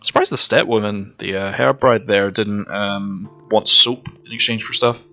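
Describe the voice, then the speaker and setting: Rambling gaming commentator, low voice. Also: male voice, steady tone, a little slow, pushed and bright, faint music behind. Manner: rambling, profane and self-mocking. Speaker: let's play commentator. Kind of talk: casual gameplay commentary.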